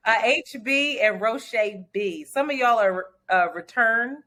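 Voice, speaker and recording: A woman co-hosting a casual podcast chat, animated and cursing freely, slipping into quoted voices. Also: a little high, measured pace, a crowd in the background. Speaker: podcast co-host.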